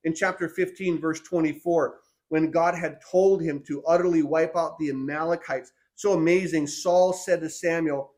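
A man preaching a sermon, animated, acting out Bible figures in quick back-and-forth dialogue. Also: a little high.

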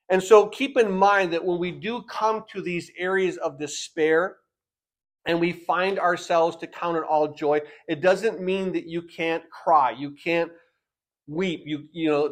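A man preaching a sermon in an earnest, emphatic way, often repeating words for stress. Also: fairly high pitch.

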